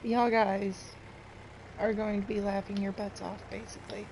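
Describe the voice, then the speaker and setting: A woman's voice: medium pitch, little pitch movement, normal speed, creaky, darkish tone, a little hiss or hum, low-quality recording. A woman streaming a farming game, chatting casually and rambling to her viewers. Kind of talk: casual live-stream chat while playing.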